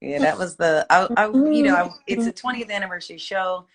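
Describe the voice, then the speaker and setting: A woman's voice: medium pitch, expressive, brisk, crowd noise. A woman in her forties, a singer, chatting reflectively in an interview with many fillers. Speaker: singer guest. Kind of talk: casual interview chat.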